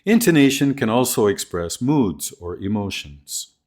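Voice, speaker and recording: A man's voice: fairly low pitch, sing-song, a little mellow. Man narrating a teaching lesson. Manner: models example phrases slowly and deliberately. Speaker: teacher trainer. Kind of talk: scripted instructional narration.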